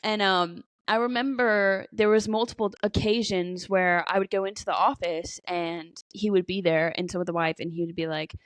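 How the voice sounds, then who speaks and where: With a steady tone, medium pitch and moderate pace, this twentysomething podcast co-host tells stories casually, barely pausing. She leans heavily on "like" and "you know," swears now and then, and the recording is dry.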